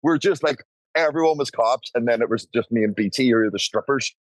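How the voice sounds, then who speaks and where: A man's voice: mid-range voice, brisk, no echo, low-quality recording. A man telling a wild story on a podcast, acting out the voices and swearing freely. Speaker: podcast guest. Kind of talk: casual storytelling. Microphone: podcast studio mic.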